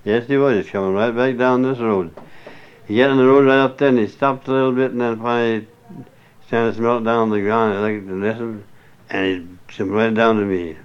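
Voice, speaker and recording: A man's voice: mid-range voice, steady tone, fairly quick, clean tone. An older man being interviewed, telling rambling stories in a folksy, salty way with chuckles. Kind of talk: rambling oral-history storytelling. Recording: muffled lo-fi recording.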